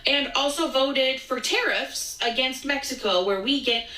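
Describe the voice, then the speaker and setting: Woman with a high, bright voice delivering an emphatic rant, heard from a distance in an echoey room. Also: a little slow. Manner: indignant, emphatic. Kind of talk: social media rant clip.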